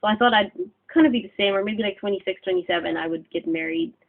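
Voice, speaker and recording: A woman's voice: medium pitch, very animated, fast, vocal fry. A woman, chatting casually and rambling with lots of fillers in a vlog. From Philippines. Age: 20s. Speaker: vlogger. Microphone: cell phone camera. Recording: tinny phone-like lo-fi audio.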